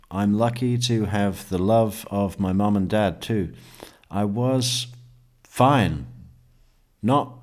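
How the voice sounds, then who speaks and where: A man with a lowish voice reads out testimony in a slow, deliberate way. He breaks in with sardonic asides and frequent laughs. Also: a little mellow. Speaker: true crime commentator. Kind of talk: reading testimony aloud with commentary.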